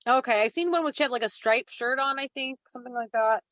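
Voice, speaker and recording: A woman's voice: fairly high pitch, fast talker, dry recording. Woman guest on dull, dry lo-fi call audio. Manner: relaxed and attentive, with soft laughs. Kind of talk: casual chat.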